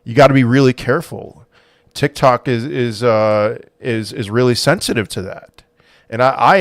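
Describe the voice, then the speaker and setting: A young man hosting a casual livestream, reading chat aloud and answering with dry sarcasm and halting restarts. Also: mid-range voice, dry recording. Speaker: livestream host.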